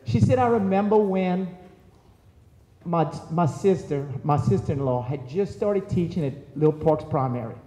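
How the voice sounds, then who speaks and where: A man delivers a eulogy full of stories, acting out the voices of friends as he goes. His voice sits high but sounds mellow. He is recorded from a distance in a large church with a long, roomy echo. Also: expressive, normal speed. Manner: storytelling, acting out quoted voices. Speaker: eulogy speaker. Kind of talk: eulogy with anecdotes. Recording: echoey hall from far off.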